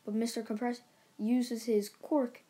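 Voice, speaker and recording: A woman's voice: on the high side, flat delivery, a little slow, mellow. A woman casually retelling a story as a channel host, rambling along with restarts and filler words.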